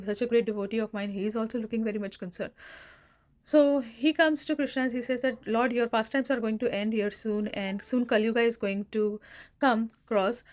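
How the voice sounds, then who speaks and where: A woman hosting her own devotional channel, earnestly retelling scripture stories with quoted dialogue. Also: a little high. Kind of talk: devotional storytelling talk.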